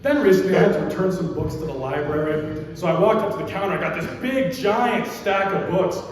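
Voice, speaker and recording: A man doing deadpan stand-up, his voice sitting high for a man. He is heard from far off in a big, echoey hall, with long reverb trailing each line. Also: a little fast. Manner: deadpan one-liners with quoted voices. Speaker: stand-up comedian. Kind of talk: stand-up comedy routine. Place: billiards hall comedy stage.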